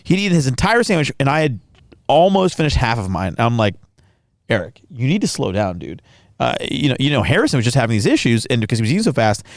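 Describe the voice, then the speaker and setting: A man co-hosting a podcast in casual chat, telling a story with lively acted-out quotes. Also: mid-range voice, racing, no room sound, studio quality. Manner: animated storyteller acting out quotes. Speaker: podcast co-host.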